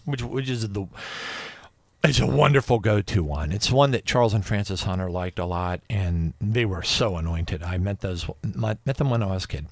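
A man in his fifties telling a personal religious testimony, rambling and emotional, with frequent restarts and excited outbursts. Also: on the low side, normal speed, no echo. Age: 50s. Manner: rambling with many restarts and asides. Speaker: religious video speaker.

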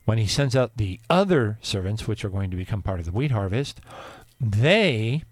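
Man, Bible teacher, informal preaching, animated, stumbling restarts, bone-dry recording. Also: fairly low pitch, normal speed, dry recording. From Pennsylvania, US.

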